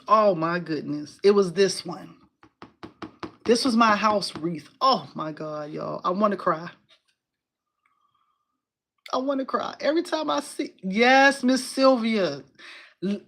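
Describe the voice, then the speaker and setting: Chatty woman hosting a craft livestream. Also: mid-range voice. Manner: excitable, chatty, answers viewers' comments aloud; uses y'all and informal phrasing. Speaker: crafting live stream host. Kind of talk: casual live stream chat.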